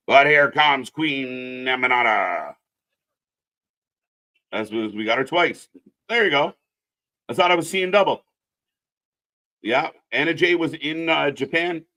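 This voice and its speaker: A young man co-hosting a live wrestling stream, blunt and opinionated. He curses freely and rants about what he wants to see, and his voice sits at a middling pitch. His talk is loose, unscripted chat with friends. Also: a little slow, pauses often, pushed and bright. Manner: blunt, profane, opinionated ranting. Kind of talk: casual live commentary chat.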